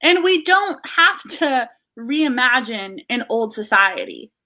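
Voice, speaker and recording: A woman's voice: a little high, sing-song, takes it slowly, pushed and bright. A woman from Southern Virginia co-hosting a political talk show, telling personal stories in an earnest, conversational way. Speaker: co-host. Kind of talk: casual political chat.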